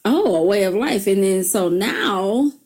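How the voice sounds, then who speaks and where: A middle-aged woman giving a motivational talk, telling stories in a lively way, laughing often and calling her viewers y'all. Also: mid-range voice, measured pace, slightly rough. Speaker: self-help video host.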